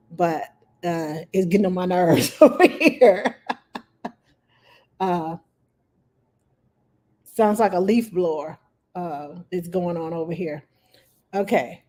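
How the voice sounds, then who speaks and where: A woman's voice: lowish voice, warm tone. A middle-aged woman working as a nanny, answering viewers' parenting questions on a live stream in a chatty way, greeting people by name and explaining things step by step. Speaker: nanny giving parenting advice.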